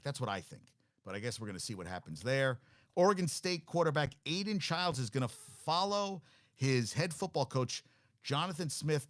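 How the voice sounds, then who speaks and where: A man's voice: medium pitch, no room sound. Male sports show host, casual monologue, mid-range voice, dry room; thinks aloud, fumbles names, corrects himself. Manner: rambling, reads off stats and thinks aloud.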